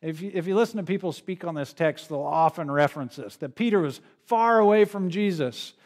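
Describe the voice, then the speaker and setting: A man's voice: a little high, expressive, brisk, a little mellow. A male pastor preaching an expository sermon in a conversational way, often checking in with the listeners. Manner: conversational, with frequent "right?" tag questions.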